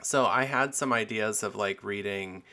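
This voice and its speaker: A man's voice: on the low side, moderate pace, bright, forceful tone. A man hosting a casual solo podcast, rambling with many fillers and restarts. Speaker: podcast host.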